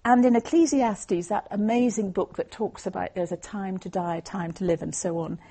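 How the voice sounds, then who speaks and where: A woman delivers an evangelistic Bible talk in an earnest, explanatory way. Her voice is warm and mellow, with a husky, breathy texture. She sits at a middling pitch for a woman. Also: fairly even intonation, normal speed. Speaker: lay speaker giving a Christian talk.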